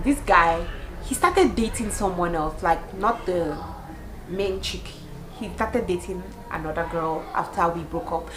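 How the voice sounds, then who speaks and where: A young woman from Cameroon in her twenties, telling a storytime vlog with animated storytelling and bursts of laughter. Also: lowish voice, a little hiss or hum, poor audio. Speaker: vlogger.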